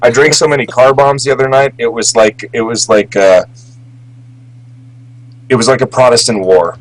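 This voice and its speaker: A man's voice: medium pitch, steady tone, normal speed, poor audio. A man with an American accent, hosting a livestream with crude, sarcastic joking. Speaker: livestream host. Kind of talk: crude comic banter.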